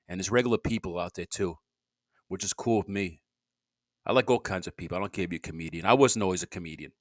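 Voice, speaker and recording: A man hosting his own amateur podcast, rambling in a self-deprecating solo monologue that swings between loud bursts and low mutters. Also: no echo, clean studio sound. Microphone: home podcast mic.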